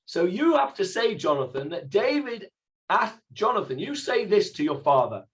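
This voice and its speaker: A middle-aged man leads an informal Bible class as its rabbi. His voice sits a little high for a man, and he works through the text word by word, turning to the class with questions. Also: sing-song, moderate pace, fairly bright tone. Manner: explains Hebrew words step by step, asks the class questions.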